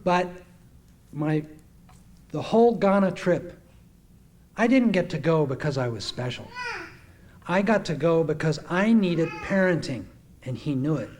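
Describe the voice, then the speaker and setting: A man's voice: a little high, animated, a little slow, pauses often, a little mellow, a little hiss or hum. A man giving a heartfelt spoken tribute to a gathering, earnest and reminiscing. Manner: earnest, reminiscing, acts out quoted speech. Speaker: speaker giving a testimonial.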